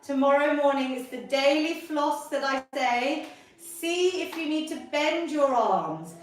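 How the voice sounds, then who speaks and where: A high-voiced, middle-aged woman coaching a gentle workout class, cheerful and encouraging as she counts down each set. She talks at an unhurried pace. Her voice rings from across a very echoey room, well away from the mic. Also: lively intonation, recorded from a distance. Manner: upbeat and encouraging, counting down reps. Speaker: fitness instructor. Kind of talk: leading a live online seniors' workout class.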